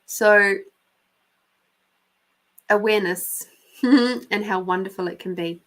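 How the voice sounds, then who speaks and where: Slow-talking Australian woman, laughing often. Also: medium pitch. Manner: chatty, laughs often, swears casually. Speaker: host and intuitive reader. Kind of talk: live psychic reading and storytelling.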